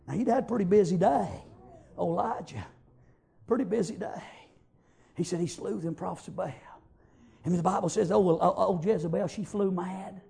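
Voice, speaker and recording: A preacher with a high, raspy voice and a gravelly edge. He tells the story in a folksy way, circling back on his own phrases, and swings into loud, climbing bursts of praise. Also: moderate pace, pauses often. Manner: folksy, repeats himself, shouts "praise God" and "amen". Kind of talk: fiery storytelling sermon.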